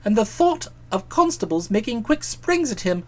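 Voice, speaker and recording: An audiobook narrator reading a comic novel in a wry, expressive way. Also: mid-range voice, normal speed.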